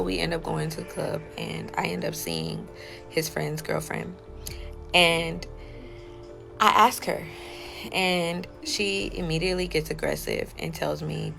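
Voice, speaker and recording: Gravelly low-voiced woman telling her story. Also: a bit bright. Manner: rambling, full of fillers and self-quotes. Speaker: storyteller recounting her own life. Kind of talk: casual storytime monologue.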